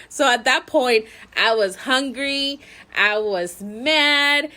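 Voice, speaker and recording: A mother vlogging to camera, telling a story in a chatty, animated way with many fillers and frequent laughter. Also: sits high, moderate pace.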